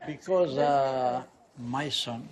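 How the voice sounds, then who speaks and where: Older French man in halting English. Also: medium pitch, a crowd in the background. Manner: halting broken English, searching for words. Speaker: comedian's father.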